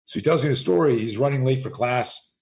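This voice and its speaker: A self-defense coach in his sixties, guesting on a podcast, tells energetic stories in an interview and acts out the voices he quotes. He repeats words when he restarts a thought. His medium-pitched voice is fairly quick with vocal fry, over slight background noise.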